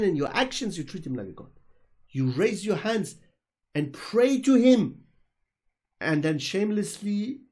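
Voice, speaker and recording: A man's voice: a little high, breathy edge. A man on an online voice call answering questions in a religious argument, talking in an emphatic, preachy way and repeating himself for stress. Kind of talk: religious polemic in a Q&A.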